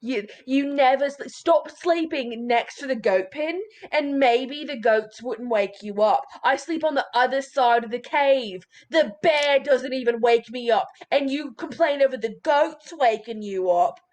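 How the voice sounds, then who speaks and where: Lady playing a tired nice giant dude, kinda fed up but soft. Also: high-pitched, a little slow, hardly any pauses. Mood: exasperated. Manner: exasperated but comforting. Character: weary, kindly male giant, patient friend.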